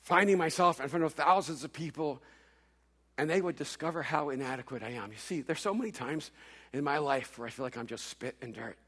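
A man gives a sermon in a high, bright voice, jumping between playful humor and stammered restarts as he tells his story. His words echo through a large hall with a long reverb tail. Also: a little fast, husky. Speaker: pastor.

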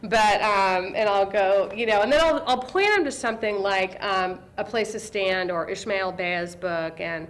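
A woman librarian speaks in a relaxed interview, her voice at a middling pitch. She talks with animated enthusiasm and now and then breaks into the excited voices of the kids she describes. A faint hiss of noise sits under the recording. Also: a little slow, few pauses. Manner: animated storyteller, acts out kids' voices with excitement. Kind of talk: conversational interview.

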